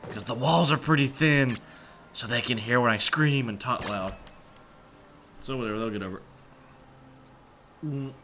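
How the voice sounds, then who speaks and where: A man doing casual let's play commentary at home, rambling and chatty, sometimes yelling at the game. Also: medium pitch, a little slow, pauses often, a little hiss or hum. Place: apartment room at home with thin walls. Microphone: desk microphone. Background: video game music.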